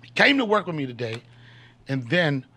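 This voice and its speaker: Fifties guy hosting a podcast, slangy jokey storytelling, kinda high bright voice. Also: big pitch swings, normal speed. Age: 50s. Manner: loose, slangy, joking storytelling. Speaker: podcast host and comedian. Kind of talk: casual storytelling chat.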